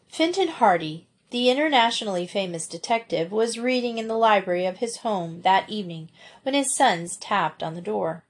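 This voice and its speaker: A woman narrates a children's book aloud at a steady storybook pace. Her voice sits at a middle pitch, neither high nor low. The reading is even and clear.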